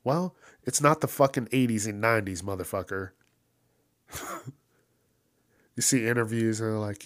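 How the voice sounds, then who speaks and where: A man hosting a casual solo podcast, ranting profanely and laughing at his own jokes, with loud mocking put-on voices for the people he quotes. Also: on the low side, moderate pace, pauses often, dry recording, clean studio sound. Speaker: podcast host.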